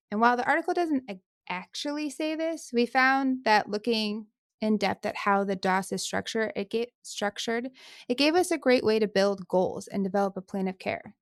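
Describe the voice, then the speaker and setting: A woman co-hosting a casual podcast, upbeat and quick to recap the main points. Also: medium pitch, dry recording, clean studio sound. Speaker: podcast co-host, speech-language pathologist.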